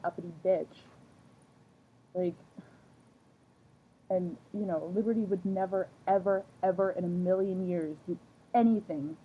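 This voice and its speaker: A young woman in a heated, profane rant, her words tumbling out with "like" after "like". Her voice sits fairly low for a woman. The recording is dull and lo-fi, with a faint hiss underneath. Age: young adult. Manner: swears often, heavy "like" filler, fired up. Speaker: vlogger. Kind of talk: angry rant to camera.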